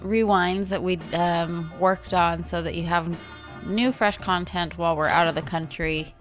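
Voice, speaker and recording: A woman co-hosting a podcast in casual chat, brisk and steering the conversation. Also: lowish voice, fairly even intonation, soft background music. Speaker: podcast co-host.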